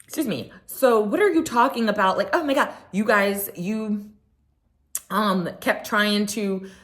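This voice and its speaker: A woman's voice: mid-range voice, measured pace. A young woman giving a chatty, opinionated recap of a reality TV episode, acting out the people she quotes. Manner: chatty, opinionated, animated retelling with quoted voices. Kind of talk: casual recap commentary.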